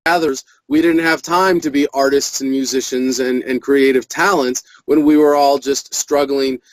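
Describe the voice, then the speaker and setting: A man's voice: medium pitch, steady tone, moderate pace, no echo, low-quality recording. Earnest male activist, dry close sound. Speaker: interview guest, political activist. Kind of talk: political interview talk.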